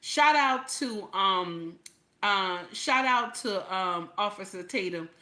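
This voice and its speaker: A woman with a bright, ringing voice talks back at the clips she plays. She curses freely and hammers each point by saying it twice or three times, in the loose flow of casual commentary. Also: medium pitch, expressive, slow. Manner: blunt, cursing, repeats herself for emphasis. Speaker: reaction channel host. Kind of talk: profane commentary over clips.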